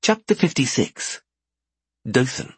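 A man narrating a fantasy audiobook in an expressive storytelling manner, recorded close to a studio mic. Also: medium pitch, slow, breathy edge, no room sound. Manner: expressive, animated.

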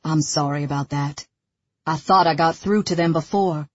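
A woman's voice: sits low, normal speed, breathy edge, highs cut off. Woman reading as a firm, weary father. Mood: calm. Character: commanding middle-aged father, firm and weary.

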